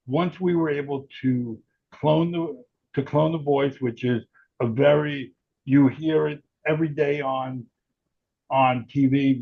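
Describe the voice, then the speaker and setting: A gravelly, husky-voiced man talks at an even middle pitch as an interview guest, explaining things in a loose, rambling way. The audio is dull and lo-fi. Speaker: guest, tech founder.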